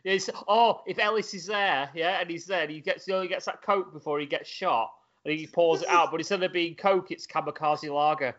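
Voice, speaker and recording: Excitable higher-voiced podcast man. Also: fairly quick, few pauses, a little hiss or hum. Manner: excitable, swears, laughs often. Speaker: podcast co-host. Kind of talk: casual chat. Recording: dull lo-fi podcast audio.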